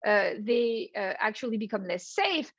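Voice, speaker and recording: A woman's voice: medium pitch, animated, normal speed, dry recording, dull audio. A middle-aged woman with a French accent giving an online workshop lecture, earnest, often repeating small words as she starts a thought. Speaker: guest speaker, professor.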